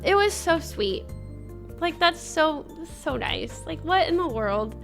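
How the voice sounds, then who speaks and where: Young female streamer, casual chat and giggly storytelling, a bright voice with faint music behind it. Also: high-pitched, lively intonation, takes it slowly, creaky. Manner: reads chat and thanks viewers.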